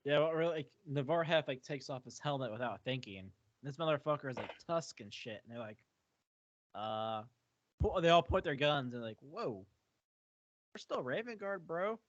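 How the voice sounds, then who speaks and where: A man's voice: medium pitch, moderate pace. A man co-hosting a casual book review podcast, enthusiastic and profane, laughing often. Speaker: podcast co-host. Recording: dry, dull lo-fi audio.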